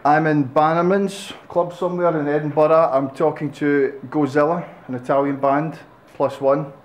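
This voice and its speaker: A man's voice: a little high, fairly even intonation. A man interviewing a band in a music club, joking and teasing in a casual, playful way. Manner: teasing, playful, quick with quips. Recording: roomy club with faint background hum.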